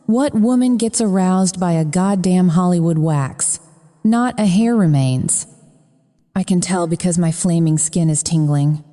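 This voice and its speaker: A woman's voice: fairly low pitch, warm tone. A woman narrating a first-person romance audiobook in a frank, profane manner. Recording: long reverb.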